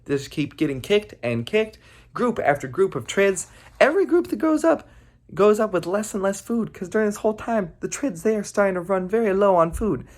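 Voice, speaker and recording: A young adult man, a camp counselor, telling a campfire story with sound effects and shouts. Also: sits high, animated, fairly quick.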